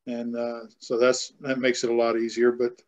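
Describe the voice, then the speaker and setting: A man's voice: mid-range voice, completely flat delivery, moderate pace. A man from Florida who hosts a casual author chat, speaking in an easygoing way. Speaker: host. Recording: dull lo-fi audio.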